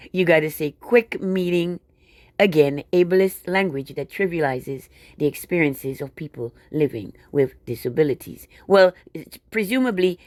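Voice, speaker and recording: A woman's voice: on the low side, dry recording. Woman ranting sarcastically to camera. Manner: sarcastic, indignant, talks to viewers directly. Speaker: video blogger. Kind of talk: casual ranting monologue.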